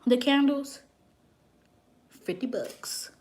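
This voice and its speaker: A young woman who works as a psychic reader, telling a story to her viewers in a brash, animated way and swearing freely. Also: high-pitched, drawn-out words.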